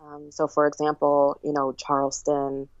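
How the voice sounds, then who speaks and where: A woman's voice: deep voice, completely flat delivery, moderate pace, dry recording, highs cut off. A woman who is an author, talking as a podcast guest in a reflective way and laughing often. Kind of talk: interview conversation. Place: lives in Michigan.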